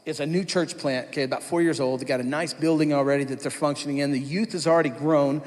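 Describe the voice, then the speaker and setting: A man's voice: on the high side, fairly even intonation, fast, hardly any pauses, darkish tone. A man giving his testimony at church, telling his story candidly and acting out his past self. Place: church hall. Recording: long hall reverb.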